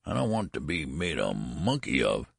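A man's voice: extremely low pitch, huge pitch swings, moderate pace, vocal fry, breathy edge, no echo, clean studio sound, heavily acted. A man voicing a meek old man who has just been born, speaking in a plaintive, quavering way. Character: elderly man in a newborn's place, meek and quavering.

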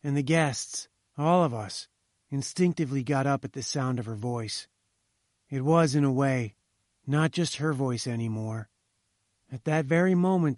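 A man reading a story aloud, measured and slowing at grim moments. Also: mid-range voice, a little mellow, dry recording, clean studio sound. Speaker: narrator. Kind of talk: scripted narration of a story.

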